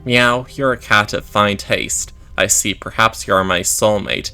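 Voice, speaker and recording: A man doing a vain meowing cat artist, gravelly and sharp, game figure. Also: on the low side, unhurried, faint music behind. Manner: ends lines with "meow". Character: vain male cat artist, flowery and eager.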